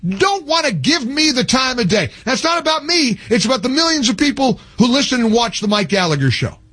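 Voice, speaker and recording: A man's voice: extremely high pitch, sing-song, fairly quick, fairly bright tone. A male talk radio host delivering an impassioned political rant, emphatic and fired up, often restarting his sentences.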